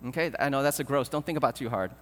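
A man preaching a sermon as pastor, earnest and pleading, often repeating words and filling pauses. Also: mid-range voice, fairly bright tone, long reverb tail.

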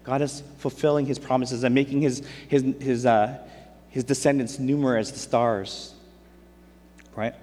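Male preacher, mid-pitched, chatty retelling of scripture, echoing hall sound. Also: steady tone, normal speed, a little mellow. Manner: conversational, retells scripture in everyday speech. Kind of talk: casual sermon storytelling. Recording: long hall reverb.

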